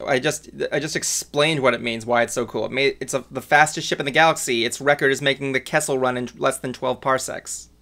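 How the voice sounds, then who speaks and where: A man hosting a loose chat show, rattling on quickly with a gravelly edge to his voice. He rambles, with plenty of ums and restarts. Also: mid-range voice, steady tone, bright, forceful tone. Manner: rambling, filler-heavy. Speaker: podcast host. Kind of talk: casual chat.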